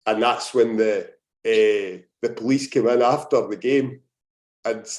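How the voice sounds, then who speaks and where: A man's voice: on the low side, a little slow, a little mellow. Rambling Scottish man, roomy sound. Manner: rambling anecdotal storytelling, frequent fillers. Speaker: guest, former footballer. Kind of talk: casual podcast chat. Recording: roomy echo.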